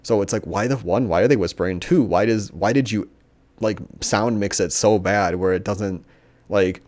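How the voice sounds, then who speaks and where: Young male reviewer, somewhat low pitch, rambling, profane and sarcastic. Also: moderate pace, darkish tone. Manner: rambling, filler-heavy, sarcastic. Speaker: movie reviewer. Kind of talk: casual, profane rant.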